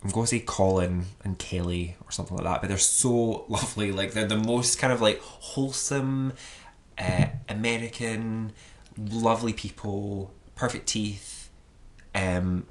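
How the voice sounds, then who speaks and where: A man with a fairly low voice, talking casually as a podcast co-host. He is animated and laughs easily, filling his sentences with ums and likes. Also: a little slow. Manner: chatty and animated, laughing easily, with frequent fillers. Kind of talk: casual chat.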